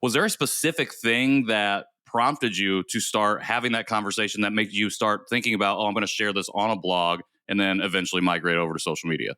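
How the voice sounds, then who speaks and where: A man hosts a podcast, posing long, thoughtful questions in a relaxed conversational way. His low voice is bright and forward, with a clean, resonant tone. The recording is dry and close-miked. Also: brisk, hardly any pauses, smooth, no echo. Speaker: podcast host. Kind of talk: casual interview chat.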